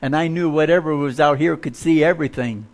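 A man preaching a sermon, telling folksy stories with humor and dropping to a hushed voice for suspenseful parts. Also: on the high side, a little fast.

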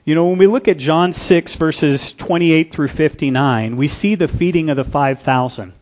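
A man's voice: a little high, normal speed, darkish tone. A man preaching a sermon as pastor, throwing rhetorical questions at the congregation.

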